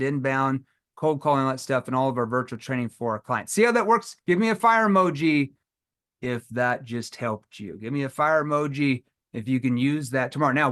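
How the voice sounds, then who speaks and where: A man's voice: on the high side, fairly bright tone. A man teaching a live virtual sales training, asking the audience rhetorical questions and acting out sales calls in role-play.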